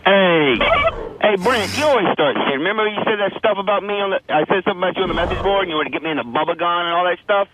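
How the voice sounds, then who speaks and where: A man calling a radio show, talking fast and defensively with lots of profanity. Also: high voice, a bit bright, slight background noise. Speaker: caller. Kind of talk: heated radio call. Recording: dull phone line.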